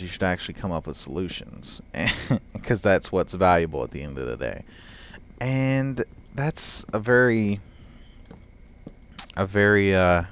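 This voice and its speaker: Young male gaming YouTuber, low smooth voice, loose rambling delivery with fillers. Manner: rambling, frequent fillers and laughs. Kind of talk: casual rambling commentary over gameplay.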